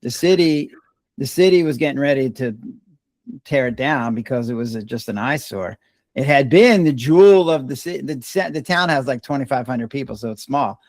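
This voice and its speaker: An older man, a retired doctor and podcast guest, telling stories in a relaxed, rambling way and often restarting his words. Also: mid-range voice, normal speed, dry recording, studio quality. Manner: relaxed, rambling storyteller who restarts words mid-sentence. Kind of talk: casual storytelling conversation.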